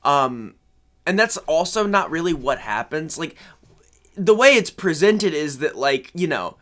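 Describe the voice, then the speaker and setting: Young man, off-the-cuff home commentary, rambling and self-deprecating, lively up-and-down pitch. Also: unhurried. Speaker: commentary host. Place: at home in his room. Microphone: separate microphone synced to camera.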